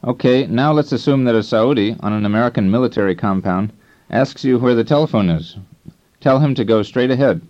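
A man narrating a scripted language lesson as instructor, in a calm, measured teaching tone. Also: mid-range voice. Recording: dull lo-fi tape recording.

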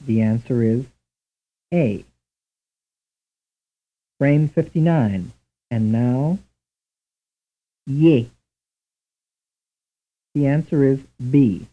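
A man reading a scripted language lesson in a slow, measured, deliberate way, on a tinny old tape recording. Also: medium pitch. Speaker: language instructor. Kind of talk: scripted programmed-lesson narration.

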